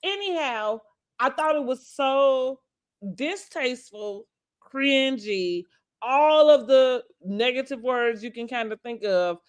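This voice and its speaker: A woman co-hosting a casual reality TV recap, talking in an animated, sassy way and laughing often. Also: high-pitched, slow, clear, resonant tone. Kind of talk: casual chat.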